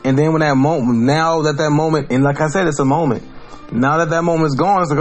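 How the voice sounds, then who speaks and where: A man's voice: a little high, moderate pace, soft background music. A man hosting a podcast, talking in a blunt, profane, rambling monologue full of restarts. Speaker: podcast host. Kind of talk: casual monologue.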